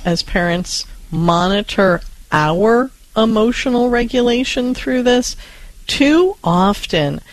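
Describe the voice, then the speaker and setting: A co-host on a parenting advice show, speaking in a reassuring, calm and measured way. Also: mid-range voice, no room sound, rough recording. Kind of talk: advice talk show discussion.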